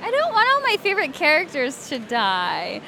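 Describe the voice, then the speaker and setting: A woman's voice: sits high, huge pitch swings, normal speed, vocal fry, bright, forceful tone, a little hiss or hum. A woman from Alabama, chatting in an interview as a voice actress, bubbly and often giggling. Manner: bubbly and giggly, many fillers. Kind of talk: casual interview chat.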